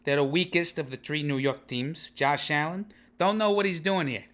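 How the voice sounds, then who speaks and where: This podcast host has a fairly high, slightly bright voice and speaks at a normal speed. He rambles through a comedic sports show with brash, wise-guy banter, tacking "okay?" onto his picks.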